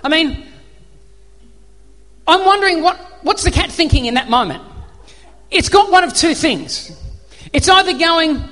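Male pastor, high pitched, lively storyteller preaching in a reverberant hall. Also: a little slow, pauses often. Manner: animated storyteller, acts out voices and screams. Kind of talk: sermon with storytelling.

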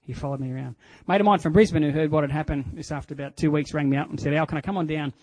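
A man with an Australian accent sharing a candid personal testimony in a sermon, telling it in an earnest, halting way. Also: a little high, a little mellow, dry recording, low-quality recording.

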